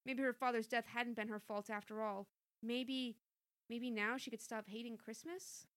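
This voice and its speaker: High, bright woman reading deadpan. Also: normal speed. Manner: deadpan delivery, giggles at the text. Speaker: reader, co-host. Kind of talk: comic reading of a story.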